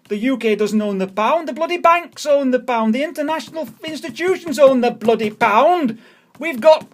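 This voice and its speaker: A Scottish man with a high voice rants furiously, dropping swear words and repeating his points over and over. He sounds fed up and indignant throughout. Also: a bit bright. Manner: ranting, swearing, repeating phrases. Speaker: vlogger. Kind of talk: angry political rant.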